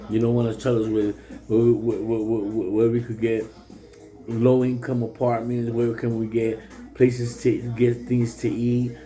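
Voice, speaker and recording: A man's voice: medium pitch, completely flat delivery, unhurried, warm tone, faint music behind, rough recording. A man from New City, ranting heatedly in a repetitive, stammering, profane way about his town. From New York City. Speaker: local resident. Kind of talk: casual ranting monologue.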